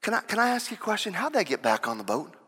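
A man preaching a sermon in an animated way, stumbling over restarts and acting out the quotes he tells. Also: sits high, quick pace, husky. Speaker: pastor. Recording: long reverb of a large hall.

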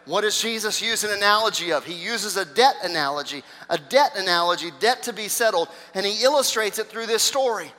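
A man, a pastor, preaching a sermon with emphatic repeated phrases, swinging from loud to hushed. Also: sits high, expressive, a little fast, hardly any pauses. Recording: long hall reverb.

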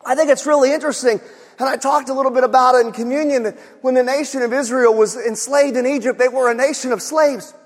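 A man preaches with a strikingly high voice, driving his points home and often rising to shouts. He asks rhetorical questions and answers them himself. His voice rings with the long reverb of a large hall. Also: fairly even intonation, quick pace. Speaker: pastor. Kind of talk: sermon.

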